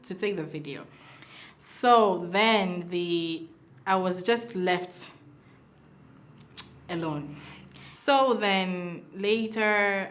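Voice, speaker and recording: Animated woman telling a personal story. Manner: animated, acts out quoted dialogue with big pitch swings. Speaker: mother telling her birth story.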